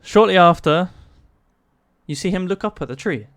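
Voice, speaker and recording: A man's voice: high-pitched, normal speed, dry recording, studio quality. A man narrating a tabletop game as game master, hesitant, with many fillers.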